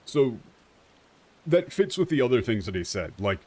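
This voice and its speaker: A young male streamer chatting over his game in an animated, unscripted way. He swears freely and fills pauses with "like". His voice bounces lively between high and low. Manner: animated, profane, many fillers. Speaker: streamer explaining translations. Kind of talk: casual game commentary.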